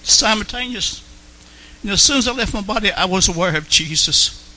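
A man's voice: high voice, expressive, normal speed, sharp tone, low-quality recording. A man telling his personal faith testimony in an earnest way, repeating phrases for emphasis. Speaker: Christian testimony speaker.

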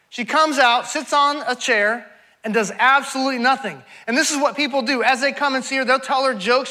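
High-voiced, bright animated male preacher. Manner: animated preaching, rising to near-shouts then dropping low; addresses crowd as "y'all", asks rhetorical questions. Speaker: traveling preacher. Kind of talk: sermon.

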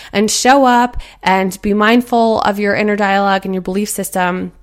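A woman's voice: mid-range voice, flat delivery, normal speed. A woman in her thirties hosting a casual motivational talk, chatty and earnest, acting out inner voices as she goes. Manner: earnest, encouraging.

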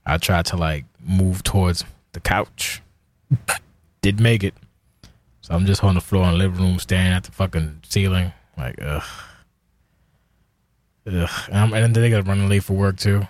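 A man's voice: deep voice, fairly even intonation, moderate pace, long pauses, a little mellow, no echo. A man in his forties hosting a casual solo podcast, rambling and profane, self-deprecating about himself. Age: 40s. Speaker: podcast host.

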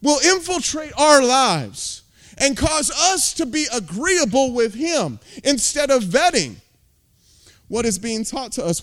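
An American man preaching a sermon as lead pastor, intense and emphatic, with casual asides. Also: sits high.

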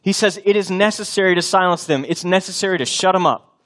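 A male pastor preaching a sermon, emphatic and animated, slipping into acted-out voices for imagined scenes. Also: high voice, fast.

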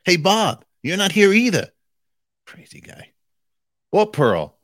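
His voice is high and his pace measured as this channel host jokes around and talks right to the viewers. He comes across as animated and chatty, recorded dry.

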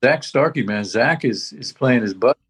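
A man's voice: mid-range voice, expressive, moderate pace, a bit bright, slightly rough. An older man talking casually as a veteran musician, rambling and reminiscing with many restarts. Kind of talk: casual conversation.

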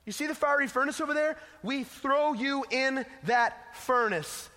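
Man putting on a threatening ancient king, high bright voice, echoey hall. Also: a little slow, full character voice. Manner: threatening, blustery. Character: angry boastful ancient king, male, adult.

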